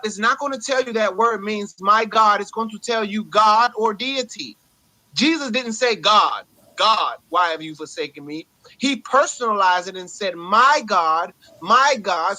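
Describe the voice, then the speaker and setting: A man's voice: very high-pitched, pushed and bright, no echo, low-quality recording. A man arguing insistently in a heated online debate, often checking with "right?", speaking into a phone on an audio chat app. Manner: insistent, repeatedly asks "right?". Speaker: Christian debater. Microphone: phone mic on audio chat app.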